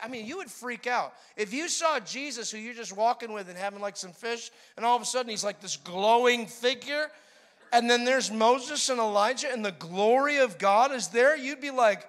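A man preaching a sermon in an animated, joking way, acting out voices with sudden loud outbursts. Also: very high-pitched, normal speed. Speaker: pastor.

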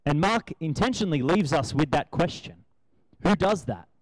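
A man's voice: fairly high pitch, lively intonation, moderate pace, dry recording, poor audio. A young man giving a conversational sermon, asking his listeners rhetorical questions. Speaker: preacher.

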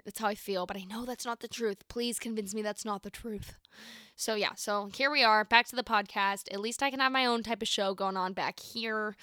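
Bright-voiced chatty nineteen-year-old woman. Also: on the high side, a little fast, clear, resonant tone, no room sound, studio quality. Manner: chatty, animated, lots of "like" and quoted dialogue. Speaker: podcast host. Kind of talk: casual storytelling.

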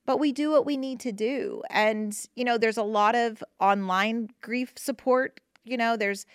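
A woman hosting a podcast, talking casually and gently about grief, reassuring listeners with lots of fillers and restarts. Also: a little high, measured pace, clear, resonant tone, dry recording, clean studio sound. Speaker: podcast host.

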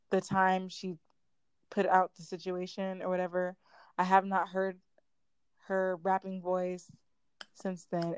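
A woman's voice: fairly low pitch, clean tone, no room sound. A young woman co-hosting a podcast, chatting casually, laughing often and trailing off mid-thought. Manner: excitable, laughing, trails off and restarts. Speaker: podcast co-host. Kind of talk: casual chat.

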